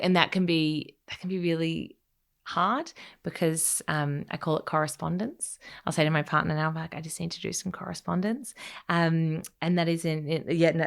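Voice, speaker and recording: An Australian woman, a writer, talking in a reflective, conversational way, full of fillers and restarts and frequent small laughs. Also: low-pitched. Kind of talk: reflective casual interview talk. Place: living in Scotland.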